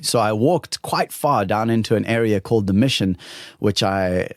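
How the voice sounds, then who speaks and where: A man in his thirties hosting a solo podcast, telling a personal story in an animated, excited way and acting out the dialogue. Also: fairly low pitch, moderate pace, dry recording, studio quality. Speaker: podcast host.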